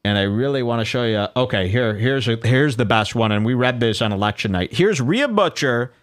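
Male podcast host, solo rant, lively swinging pitch, incredulous. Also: brisk. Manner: animated, incredulous ranting, reading posts aloud. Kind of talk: solo commentary show.

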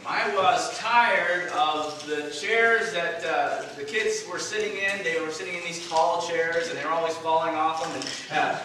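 A man in his forties preaching a sermon, telling a personal story in a self-deprecating way with frequent filler pauses. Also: fairly high pitch. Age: 40s. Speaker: pastor. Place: church sanctuary. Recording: distant, very echoey church recording with noise.

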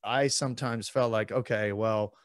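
A man's voice: fairly low pitch, fairly even intonation, normal speed, no echo, clean studio sound. A man from East Texas, an actor in his thirties being interviewed, joking and self-deprecating with lots of restarts. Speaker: actor, guest. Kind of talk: casual interview.

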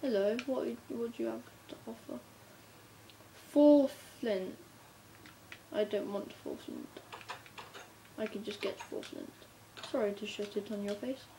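A woman chatting casually as she narrates her gameplay, talking to herself and breaking into bursts of excitement. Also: mid-range voice, normal speed, gravelly. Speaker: gamer narrating her play. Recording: faint background noise.

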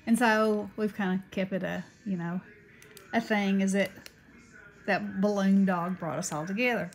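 Slow, gushing Southern woman. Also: medium pitch, fairly even intonation, poor audio. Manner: chatty, gushing, Southern-friendly. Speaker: craft vlogger. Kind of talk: casual haul chat. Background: paper crinkling.

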